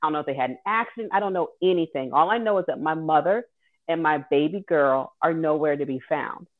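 A woman's voice: sits low, fast. Woman telling a story over tinny audio. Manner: earnest, vivid retelling. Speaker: guest host sharing her caregiving story. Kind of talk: personal storytelling.

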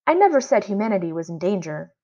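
A woman voicing a calm, gentle alien girl who speaks in a measured way, read from a storybook. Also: medium pitch. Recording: dull lo-fi audio.

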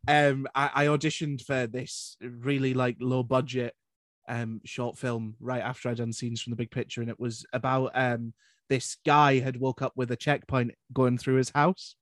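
A man's voice: medium pitch, flat delivery, moderate pace, dry recording, studio quality. A Scottish man from Glasgow, a playful podcast host chatting and running a game. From Glasgow, Scotland. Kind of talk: casual chat.

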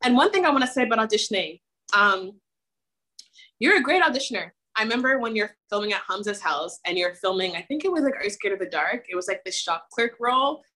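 A woman guest on a podcast, talking with animated enthusiasm. She leans into each story with lots of warmth toward her host. Her voice has a strong, bright edge. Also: mid-range voice, quick pace, poor audio. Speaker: guest actress. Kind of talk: casual chat.

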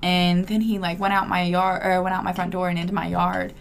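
A young woman in casual podcast chat, relaxed and joking, quick to react. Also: lowish voice, vocal fry, a little hiss or hum. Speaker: podcast co-host.

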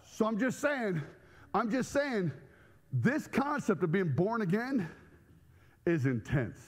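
A man preaching a sermon to a church congregation, telling comic stories with loud outbursts. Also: high voice, takes it slowly, big-room sound. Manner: animated storytelling with comic outbursts. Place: church sanctuary.

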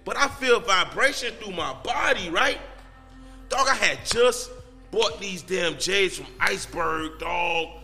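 A high-pitched man tells a story in loose, profane street talk. His voice is bright and forceful, and it sits in long reverb over faint background music. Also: lively intonation, slow pace. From Miami, Florida. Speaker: podcast guest. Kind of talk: casual storytelling.

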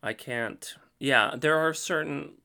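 Slow, easygoing male podcast co-host. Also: on the high side, creaky, pushed and bright. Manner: laid-back, laughs easily; theatrical, from acting work. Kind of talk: casual chat.

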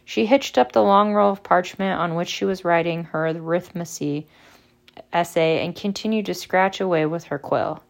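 A woman reading a novel aloud as narrator, measured and expressive. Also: on the low side, vocal fry. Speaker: audiobook reader. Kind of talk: storybook narration.

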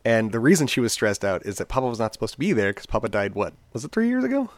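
A man's voice: medium pitch, sing-song, rapid-fire, no echo. A man telling rambling, casual stories on a podcast. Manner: rambling, chatty, many fillers. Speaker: podcast co-host. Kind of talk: casual storytelling chat.

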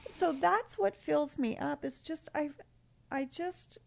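A woman's voice: sits high, slow pace, creaky. A middle-aged woman, a podcast guest, talking in a casual, heartfelt way, reflective and tender, often emotional.

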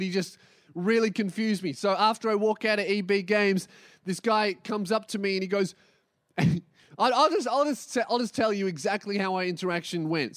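High-voiced man telling stories. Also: no echo, studio quality. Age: 20s. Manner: animated, swearing, acts out dialogue. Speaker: podcast host. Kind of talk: comedic storytelling.

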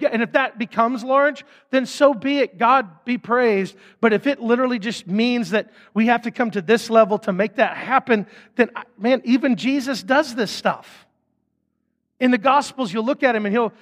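Pastor guy preaching, kinda high voice, chatty and loose, big church reverb. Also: fairly bright tone. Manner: casual, conversational preaching with quick asides. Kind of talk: sermon.

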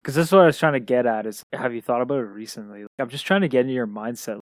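A man's voice: mid-range voice, rapid-fire, no echo, clean studio sound. A man co-hosting a podcast, playfully teasing and probing his friend in casual chat. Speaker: podcast co-host.

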